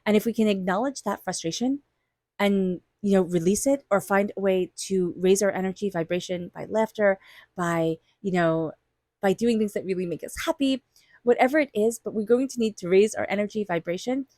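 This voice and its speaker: Tarot reader, a woman, mid-pitched voice and a chatty delivery, dry close recording. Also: moderate pace, dark tone, no echo. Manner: chatty, acts out quoted thoughts. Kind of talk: weekly tarot reading.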